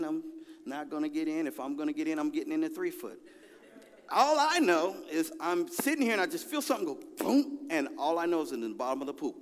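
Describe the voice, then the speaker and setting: Lively preaching man in a reverberant hall. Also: on the high side. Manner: lively, conversational preaching with call-and-response. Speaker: pastor. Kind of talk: sermon with personal story. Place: large church sanctuary.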